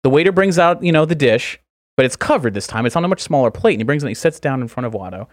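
A man co-hosting a podcast who spins out a long joke, wandering through fillers and restarts at an ordinary pitch. His voice is close on a microphone and completely dry. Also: animated, racing, dry recording. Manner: rambling, filler-heavy storytelling. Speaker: podcast co-host. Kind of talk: casual podcast chat, telling a long joke.

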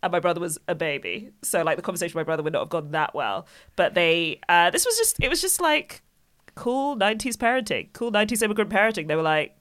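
A woman comedian chatting on a podcast, her lowish voice bright and forceful. She spins playful anecdotes and breaks into laughter between lines. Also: expressive, fast talker. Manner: playful storytelling, laughs often. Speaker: guest comedian. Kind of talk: casual podcast chat.

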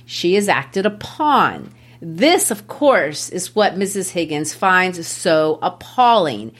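A woman's voice: on the low side, animated, slow pace, slightly rough. A woman co-hosting a casual discussion of a play, analytical and amused as she explains it. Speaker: podcast co-host discussing a play.

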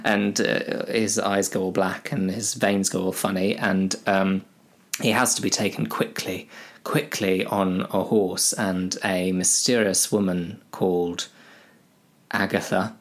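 A man's voice: lowish voice, fairly even intonation, a little slow. A man comically retelling a fantasy tale, rambling with lots of hesitations and self-mockery. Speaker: storyteller.

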